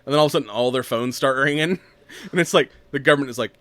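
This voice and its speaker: A man chats through a movie plot on a podcast. He rambles, laughs often and slips into quoting the characters as he goes. His pitch sits in the middle range. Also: quick pace, fairly bright tone. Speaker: podcast co-host. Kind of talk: casual chat recapping a movie.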